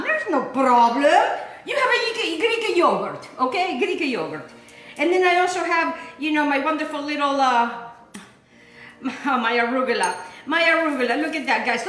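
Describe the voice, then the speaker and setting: A woman's voice: sits high, bright, forceful tone, reverberant, slight background noise. A woman hosting a home cooking video, chatty and effusive, rambling into stories with plenty of fillers. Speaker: cooking show host. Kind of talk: casual cooking demonstration.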